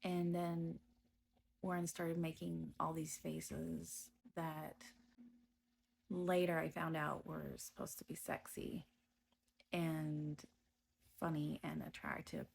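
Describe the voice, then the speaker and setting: A woman giving a personal testimony about her past, speaking slowly and hesitantly with frequent pauses and restarts. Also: deep voice, flat delivery, vocal fry, slight background noise. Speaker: storyteller recounting her past.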